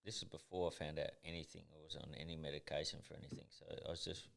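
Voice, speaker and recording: A man's voice: rumbling low, flat delivery, quick pace, creaky, a bit bright. An Australian man in his thirties, a professional boxer and podcast guest, telling stories in a blunt, intense and heavily profane way. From Tasmania, Australia. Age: 30s. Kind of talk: casual podcast storytelling.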